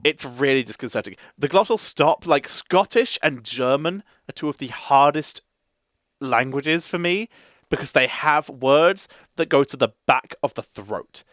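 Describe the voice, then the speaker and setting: A man's voice: on the high side, animated, a little slow, fairly bright tone, no room sound, clean studio sound. A man with an Essex English accent chatting casually as co-host of a reaction video, dropping consonants and laughing easily. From England.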